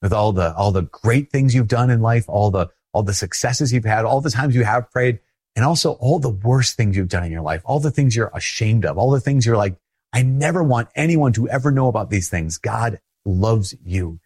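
A man with a Minnesotan accent giving an earnest, conversational sermon as a Catholic priest, often repeating phrases and laughing softly. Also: on the low side, lively intonation, moderate pace, breathy edge.

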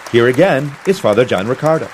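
A male presenter briskly introduces a recorded talk, his pitch moving in an animated way. Clear crowd murmur and background noise sit behind him. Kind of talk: radio-style introduction. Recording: noisy with crowd ambience.

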